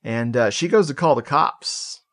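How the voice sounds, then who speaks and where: A man on a podcast casually recapping a movie plot, animated and joking, with swearing and laughing asides. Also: medium pitch, measured pace. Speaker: podcast co-host.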